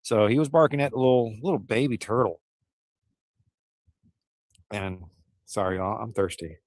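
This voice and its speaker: A man's voice: on the low side, fairly quick, darkish tone, no room sound. A man, chatting casually and rambling to live-stream viewers from outdoors by a smoker, a little out of breath. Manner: rambling, folksy, addresses viewers as y'all.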